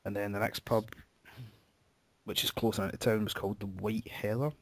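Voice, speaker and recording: A man's voice: lowish voice, level tone, moderate pace, dry recording. A young man hosting a podcast, telling a rambling story with swearing and laughter. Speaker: podcast host. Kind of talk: casual storytelling chat.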